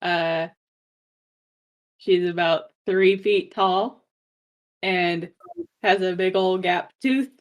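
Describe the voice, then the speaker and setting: A woman casually introducing her tabletop game character in a relaxed, amused way. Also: fairly low pitch, extremely slow, pauses often.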